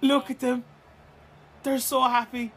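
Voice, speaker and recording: A young Irish man giving live, excitable commentary on a football video game, swearing and shouting at the action. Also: extremely high pitch, unhurried. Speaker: gaming YouTuber.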